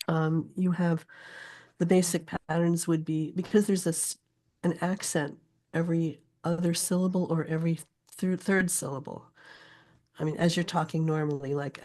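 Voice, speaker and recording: An older woman, a poet and teacher, explaining her subject in a casual interview, thoughtful and often pausing to search for words. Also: fairly low pitch, darkish tone.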